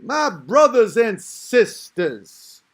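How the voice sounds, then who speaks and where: A man doing a mocking impression of a male religious orator in a slow, exaggerated sermon cadence. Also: sits high, sing-song, full character voice. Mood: mock-solemn.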